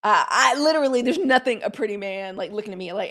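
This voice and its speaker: A woman's voice: a little high, quick pace, few pauses, fairly bright tone. A Gen X woman hosting a live news commentary show, talking candidly with profanity and acting out mock quotes. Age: 40s or 50s. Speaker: host.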